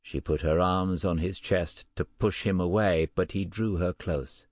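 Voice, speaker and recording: A man narrating an audiobook in a measured, even way. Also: sits low, dry recording, studio quality. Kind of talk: scripted narration.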